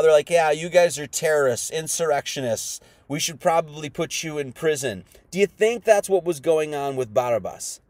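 A man's voice: on the high side, warm tone, no echo. A man preaching an informal sermon, firing off rhetorical questions in a folksy, combative manner.

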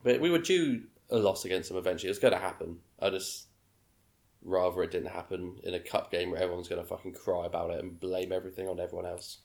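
A man's voice: deep voice, quick pace, creaky, darkish tone. A man co-hosting a casual football podcast, talking bluntly and swearing casually. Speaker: podcast co-host.

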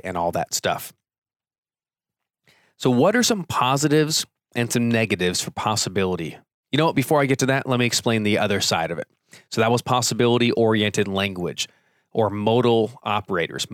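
Animated man teaching on a podcast. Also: no echo, clean studio sound. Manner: animated, acts out quoted phrases with big pitch jumps; conversational, many fillers and asides. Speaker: podcast host. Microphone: close studio microphone.

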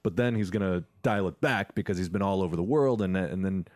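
A man hosting a podcast in casual, eager chat. His voice sits fairly low. The recording is dry and close. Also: brisk, a little mellow, dry recording. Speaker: podcast host.

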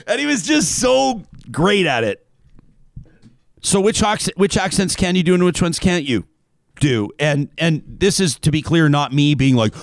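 A man's voice: a little high, animated, unhurried, creaky, no room sound. A man hosting a casual talk show, reading out a listener email and wandering off on tangents.

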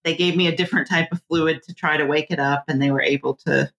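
A woman chatting casually as a podcast co-host, telling her own story in an animated way and acting out what people said. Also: low-pitched, fast talker, highs cut off. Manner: animated storyteller who acts out quoted dialogue. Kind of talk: casual chat. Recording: roomy echo.

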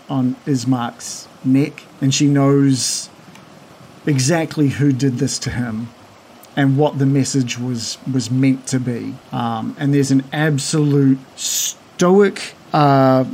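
A man narrating a tabletop game as game master, slow and halting with many pauses, over a video call. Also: mid-range voice, darkish tone, a little hiss or hum.

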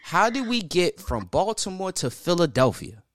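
A man's voice: high-pitched, very animated, moderate pace, fairly bright tone, no echo, studio quality. A man hosting a casual chat, talking in slang and laughing a lot. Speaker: podcast host.

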